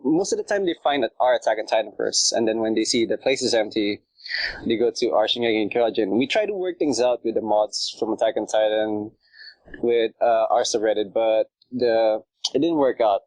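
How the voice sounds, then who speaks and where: A man's voice: fairly low pitch, animated, fairly quick, a little mellow, dry recording, poor audio. A man chatting as a podcast guest, rambling with lots of fillers and laughter. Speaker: podcast guest, subreddit creator. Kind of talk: casual chat.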